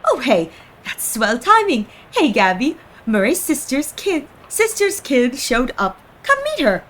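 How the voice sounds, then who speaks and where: A woman's voice: sits high, huge pitch swings, a little slow, a bit bright, pitched above the performer's own voice, exaggerated voice. Casting: chatty young shop clerk in a game, friendly, bouncy intonation, read by a woman streamer.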